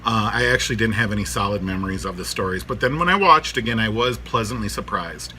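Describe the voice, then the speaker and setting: A man's voice: lowish voice, expressive, quick pace, bright, forceful tone, a little hiss or hum. A man in his thirties chatting casually to camera in his workshop, rambling through a cartoon review, laughing often and talking to his dogs.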